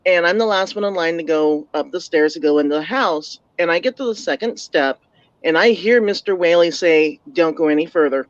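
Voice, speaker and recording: A woman's voice: lowish voice, moderate pace, dry recording. A woman in her forties from the San Diego area, telling a ghost story earnestly in casual chat. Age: 40s. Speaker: paranormal talk show panelist. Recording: dull, dry lo-fi audio.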